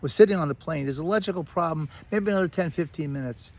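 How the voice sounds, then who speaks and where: A man with a Brooklyn accent telling a personal story in a casual, animated way, often restarting and repeating words. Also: a little high, quick pace. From Brooklyn, New York. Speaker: recovery speaker.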